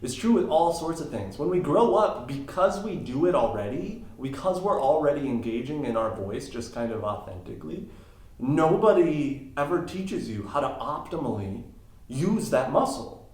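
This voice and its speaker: A man's voice: fairly high pitch, big pitch swings, normal speed, a little mellow. A man talking as a guest on a podcast, a coach explaining ideas step by step with emphatic rises. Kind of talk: casual interview talk. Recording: roomy echo.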